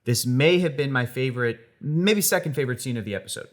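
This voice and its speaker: An affable man co-hosting a casual recap show, with a pitch in the middle range. He is quick to agree and toss in a joke, then walks through the plot in an easy, conversational way. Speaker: co-host.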